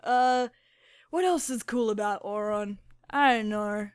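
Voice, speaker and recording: A woman's voice: mid-range voice, a little slow, clean tone, no echo, clean studio sound. A woman hosting her own channel, giving rambling, profane, giggly casual commentary while she draws. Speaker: channel host.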